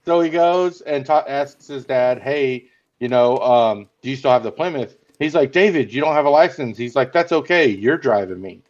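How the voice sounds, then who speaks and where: A man's voice: medium pitch, animated, normal speed, darkish tone, highs cut off. A man co-hosting a podcast, recounting a film's plot and acting out the characters' lines. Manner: retelling scenes, acting out lines. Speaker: podcast co-host. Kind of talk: casual chat.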